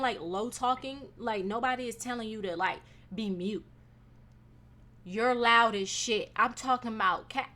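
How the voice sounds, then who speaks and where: Brash, animated young woman. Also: a little high, a little slow. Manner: animated, profane, venting, with sudden loud bursts. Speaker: podcast host. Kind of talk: casual solo podcast rant.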